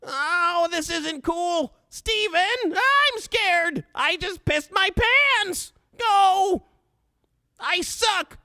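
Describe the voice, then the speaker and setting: A man's voice: very high-pitched, animated, drawn-out words, sharp tone, no room sound, soft background music, voice pushed up, full character voice. A man voicing a whiny, fearful teenage boy who wails and complains. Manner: whiny, wailing, self-pitying.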